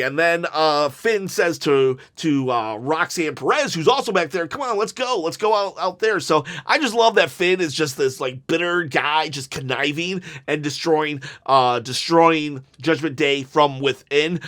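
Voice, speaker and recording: A man's voice: on the high side, a bit bright. Rambling man reviewing wrestling. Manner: rambling, exasperated, restarts and sighs. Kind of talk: casual video commentary.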